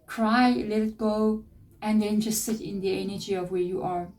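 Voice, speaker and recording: A woman's voice: medium pitch, steady tone, moderate pace, a little mellow. A middle-aged woman reading tarot, giving spiritual advice in an earnest, emphatic way with lots of repetition. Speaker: tarot reader. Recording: distant mic with faint background music.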